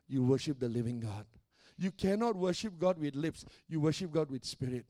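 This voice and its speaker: A middle-aged male pastor delivers an emphatic sermon in a high, ringing, sing-song voice with a darkish tone, rising and falling for emphasis and dropping in quick call-and-response checks with the congregation. The sound is dry and close, with almost no room echo.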